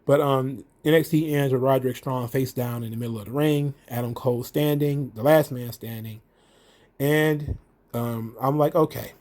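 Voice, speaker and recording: A man giving a casual, rambling recap of a wrestling show, animated and full of restarts. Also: medium pitch, moderate pace. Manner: rambling, many fillers and restarts, animated retelling.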